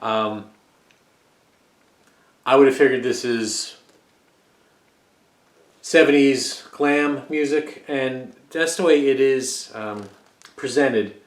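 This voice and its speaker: A man's voice: medium pitch, takes it slowly, pauses often. A man from the United States rambling casually about the records he collects, with lots of fillers. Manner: rambling and relaxed, with frequent fillers. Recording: echoey room.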